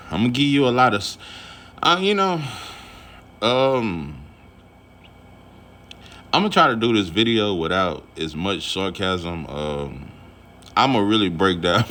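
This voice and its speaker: A man's voice: sits low, a bit bright, a little hiss or hum. A man vlogging about boxing in a casual, rambling, profane rant full of fillers.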